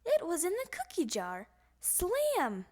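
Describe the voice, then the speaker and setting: A woman puts on a squeaky little frog boy from a children's storybook, high and bouncing all over the place as he chirps out his lines with glee. He is eager and forgetful, and his voice swoops up whenever he gets excited. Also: slow, heavily acted.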